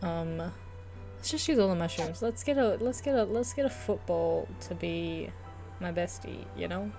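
A woman's voice: lowish voice, expressive, moderate pace, vocal fry, mellow, soft background music. A young woman streaming a video game, chatting casually and playfully with lots of giggles and rambling asides. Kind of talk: casual gaming stream chat.

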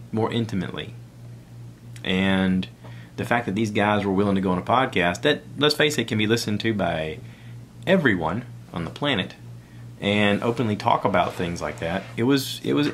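A man's voice: lowish voice, animated, normal speed, a bit bright, slight background noise. A middle-aged man with a Southern American accent, hosting a solo podcast in a rambling, conversational way with self-deprecating asides. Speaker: podcast host. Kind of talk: casual solo podcast talk.

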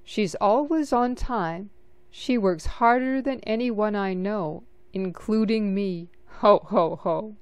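A woman's voice: slow, a little mellow, no room sound. A woman doing jolly old Santa. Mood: proud. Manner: hearty, booming laugh.

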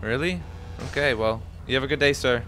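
A young man giving excited running commentary over his roleplay gameplay, often yelping and shouting. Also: mid-range voice, brisk, a little hiss or hum. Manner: shouts and yelps during chases. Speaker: gaming YouTuber. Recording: game music behind.

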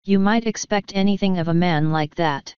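A woman reading the part of a portly, pompous gentleman, speaking in a sneering way. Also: fairly low pitch, moderate pace, smooth, dry recording, natural voice. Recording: dull lo-fi sound.

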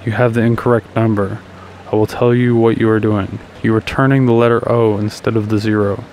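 A weary old wife in a storybook reading, speaking quietly and steadily, as a man reads her in his own low voice. The tone stays flat and even. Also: a little fast, a little hiss or hum, natural voice, poor audio. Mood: firm.

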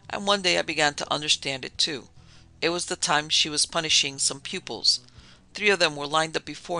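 Gravelly bright-voiced male storyteller. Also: fairly high pitch, poor audio. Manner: storytelling, measured, dramatic dips. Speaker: narrator. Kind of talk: scripted narration of a spooky tale.

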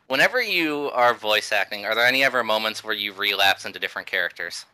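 Man, podcast host, lowish pitch, smooth, laid-back, dry sound. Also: expressive, quick pace, pushed and bright, no room sound, low-quality recording. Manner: laid-back, laughs, many fillers. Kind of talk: casual interview chat.

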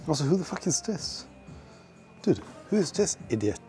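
A man's voice: on the high side, big pitch swings, normal speed, warm tone, soft background music. A man livestreaming from the gym, chatting casually with viewers in a profane, self-mocking way. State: out of breath at times. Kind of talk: casual livestream chat while working out.

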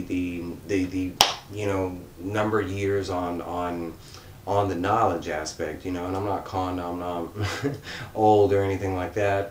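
A man hosting a comics channel, giving an earnest, rambling vlog shoutout with lots of fillers and restarts. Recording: roomy echo with faint rumble.

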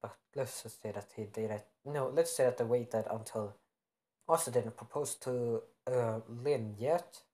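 A man's voice: medium pitch, warm tone. A young man improvising a fan-fiction story, rambling and often correcting himself with many fillers.

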